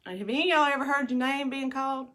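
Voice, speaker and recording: A woman's voice: high voice, quick pace, fairly bright tone. A middle-aged woman, telling stories in a rambling, chatty way to viewers while doing her makeup at home. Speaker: livestream host. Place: bathroom at home.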